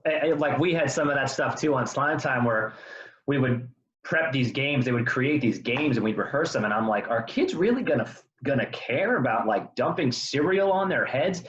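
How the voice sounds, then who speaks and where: A man's voice: medium pitch, normal speed, a bit bright. A middle-aged man hosting a live stream, chatting casually over a video call and addressing viewers directly. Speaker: host, public speaking coach. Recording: roomy, dull lo-fi video call.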